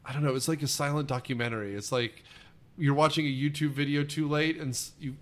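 A man's voice: on the high side, fairly even intonation. A man co-hosting a casual movie podcast, rambling and joking as he recaps a film. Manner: rambling, jokey, quick to quote lines in funny voices. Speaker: podcast co-host. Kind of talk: casual movie-review banter.

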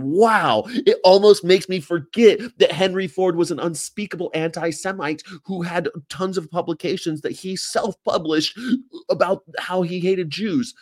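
A man's voice: high-pitched, unhurried, darkish tone. A man with an American accent hosting a casual livestream, reading viewer comments and rambling with jokes and casual swearing. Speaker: host.

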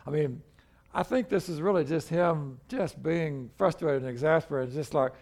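A man's voice: a little high, moderate pace, a little mellow. An older male pastor preaching a sermon in a conversational way, acting out the people in the story as he goes.

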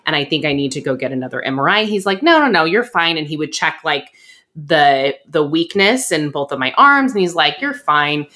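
A young woman hosting a podcast, telling a story in a chatty, animated way and acting out what others said. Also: sits low. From USA. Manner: chatty, animated, acts out quoted voices. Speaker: podcast host. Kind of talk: casual storytelling chat.

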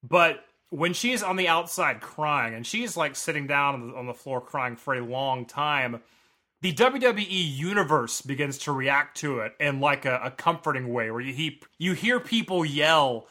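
A man co-hosting a podcast, chatting casually about a wrestling event and now and then mimicking fans in high voices. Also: expressive, normal speed, sharp tone. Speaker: podcast co-host. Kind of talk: casual wrestling review chat.

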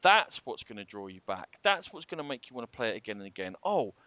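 A man's voice: lowish voice, big pitch swings, quick pace, sharp tone, no echo. A man co-hosting a podcast about games, talking casually at length and with emphasis. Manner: talkative, rambling, emphatic. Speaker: co-host. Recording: dull lo-fi podcast audio.

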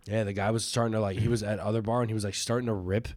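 A man's voice: on the low side, flat delivery, very fast, a little mellow. A young man co-hosting a comedy podcast, teasing his friend in crude, laid-back banter. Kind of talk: casual chat.

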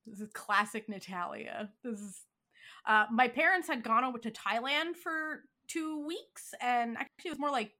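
A woman's voice: fairly high pitch, normal speed, sharp tone. A woman co-hosting a podcast, telling chatty, self-deprecating stories in casual talk. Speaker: podcast co-host. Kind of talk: casual chat.

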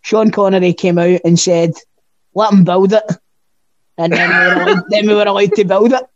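A man's voice: sits high, fairly even intonation, moderate pace, a little mellow, dry recording, lo-fi sound. A Scottish man co-hosting a podcast, chatting casually with blunt, sweary banter. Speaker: podcast co-host. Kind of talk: casual chat.

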